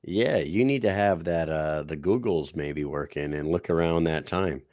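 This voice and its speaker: Laid-back low-voiced podcast host. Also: male voice, moderate pace, dry recording, clean studio sound. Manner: profane, animated storyteller. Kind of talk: casual podcast chat.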